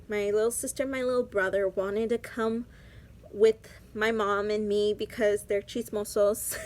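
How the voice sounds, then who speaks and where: A young woman vlogger telling a personal story in a casual, chatty way, full of "like" fillers. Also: mid-range voice.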